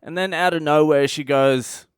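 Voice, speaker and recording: A man's voice: a little high, moderate pace, smooth, dry recording, clean studio sound. Swearing Australian man telling a story. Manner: swears constantly, blunt and conversational. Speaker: comedian and podcast host. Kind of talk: casual comic storytelling.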